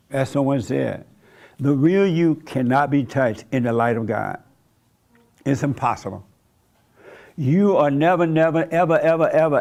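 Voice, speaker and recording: A man's voice: mid-range voice, creaky, darkish tone. A man preaching a sermon in a conversational way, chuckling often and acting out the voices of people he quotes. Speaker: pastor.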